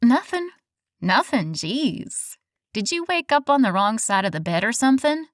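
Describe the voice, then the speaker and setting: A woman's voice: big pitch swings, normal speed, dry recording, clean studio sound. A woman voicing a petite, smug young woman who teases her friend with a drawl in an audiobook. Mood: teasing. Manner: teasing, drawling, higher and louder. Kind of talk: audiobook character voice.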